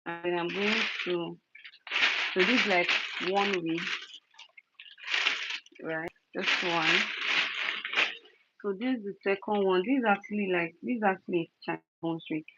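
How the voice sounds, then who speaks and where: A woman's voice: lowish voice, unhurried, long pauses. Chatty woman, lo-fi home recording. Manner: chatty, thinking aloud, cooing softly to a baby. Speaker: wig stylist. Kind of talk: casual vlog talk while working. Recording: lo-fi with clear background noise.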